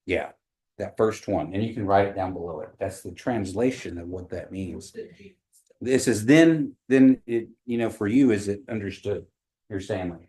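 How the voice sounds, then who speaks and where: A man from Oklahoma teaching a small language class, patiently explaining pronunciation and repeating phrases slowly. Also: fairly low pitch, darkish tone, poor audio. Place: meeting room with a small class.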